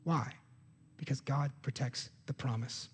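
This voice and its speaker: A man's voice: mid-range voice, a little slow, breathy edge. A man, preaching a sermon as pastor in an earnest, conversational way with self-corrections. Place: church sanctuary. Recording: long hall reverb of a church.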